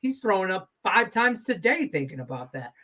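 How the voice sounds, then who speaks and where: A man's voice: high voice, big pitch swings, normal speed, bright, forceful tone. A man hosting a sports betting show in casual, profane, rambling chat, laughing easily.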